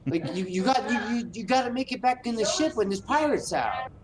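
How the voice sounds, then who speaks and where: A man voicing a gruff Boston spaceship crewmate who scolds a rookie in a brash, breathless Boston accent, pitched well above his own voice. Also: very animated, a little fast, crowd noise. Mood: frantic.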